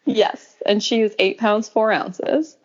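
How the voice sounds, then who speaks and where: A young adult woman telling a personal story in casual conversation, acting out quoted lines and laughing often. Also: slow. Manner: animated, acts out quoted lines with pitch jumps, laughs often. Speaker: podcast guest telling a birth story. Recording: dull lo-fi audio.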